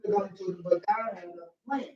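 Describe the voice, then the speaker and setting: A man in a couples workshop sharing a personal story in a reflective, halting way. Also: high-pitched. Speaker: workshop participant. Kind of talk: personal storytelling in group discussion. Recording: distant, dull, roomy recording.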